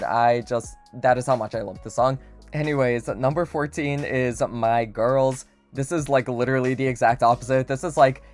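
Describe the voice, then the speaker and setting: A man talks through a ranking of pop songs in a chatty vlog. His voice sits at an ordinary middle pitch, and his delivery is effusive and over-the-top, peppered with "like." Quiet music runs underneath. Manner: gushing, dramatic, heavy use of "like". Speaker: music reviewer. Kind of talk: casual song-ranking vlog. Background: faint background music.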